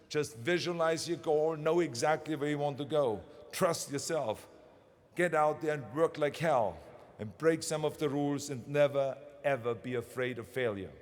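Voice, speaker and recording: A man with a German accent gives a commencement speech in firm, punchy bursts, stressing every goal he names. His voice sits a little high for a man. The sound carries a long reverb, as if his voice booms through a big venue's speakers. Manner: emphatic, punchy short phrases.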